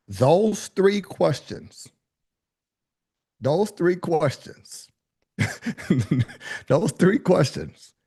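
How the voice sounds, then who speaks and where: Lively man coaching a workshop crowd. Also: fairly high pitch. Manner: animated, joking asides, talks to the room directly. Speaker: business speaking coach. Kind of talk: live workshop teaching.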